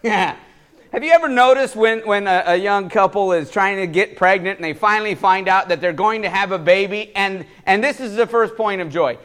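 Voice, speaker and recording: A man with a notably high voice preaches a sermon in a church. He talks in an animated, conversational way, chuckling and doubling back on words as he goes. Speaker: pastor.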